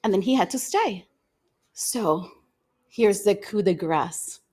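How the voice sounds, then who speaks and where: A young woman co-hosting a podcast, telling an animated story in casual chat and acting out the quotes. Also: mid-range voice, takes it slowly, husky. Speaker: podcast co-host.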